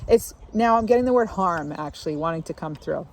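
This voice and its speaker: A woman giving a casual tarot reading, musing aloud in a relaxed way and often pausing on fillers as she takes in impressions. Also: fairly low pitch. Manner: musing, intuitive, many fillers and asides. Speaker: tarot reader. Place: outdoors.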